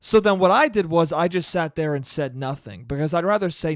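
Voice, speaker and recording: A young man hosting a solo podcast, telling stories in a casual, profane, animated way. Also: a little high, a little fast, dry recording, clean studio sound. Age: young adult. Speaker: podcast host.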